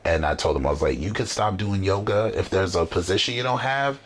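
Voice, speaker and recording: A man's voice: deep voice, a little fast, a little hiss or hum. A man hosting a casual podcast chat, talking in a motivational, emphatic way. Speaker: podcast host. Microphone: camera setup on a desk.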